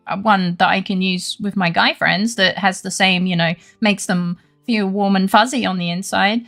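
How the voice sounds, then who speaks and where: A woman's voice: medium pitch, moderate pace, vocal fry, hardly any pauses, fairly bright tone, faint music behind. A young adult woman streaming a game, chatting casually with her live chat; playful and giggly, and she swears freely.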